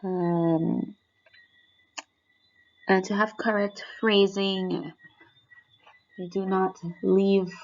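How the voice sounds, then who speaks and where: Over dull, lo-fi audio, a woman with a creaky, mid-range voice leads an exam guide lesson. She takes students step by step through the mark scheme for a French oral exam, going back over the key points.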